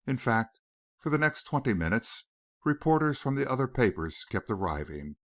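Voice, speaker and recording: A man narrating a mystery audiobook in a measured storytelling manner. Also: mid-range voice, a bit bright, dry recording, clean studio sound.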